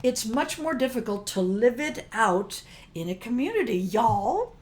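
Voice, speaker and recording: A woman's voice: a little high, lively intonation, moderate pace. An older woman giving a casual devotional teaching, chatty and emphatic, often breaking off mid-phrase to restart. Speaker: worship teacher.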